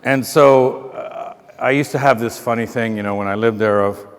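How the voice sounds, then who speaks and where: A man giving a festival lecture in a rambling, self-mocking way, often pausing with fillers. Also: medium pitch. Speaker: keynote lecturer. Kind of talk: informal speech with anecdotes. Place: large festival lecture hall. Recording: reverberant lecture hall.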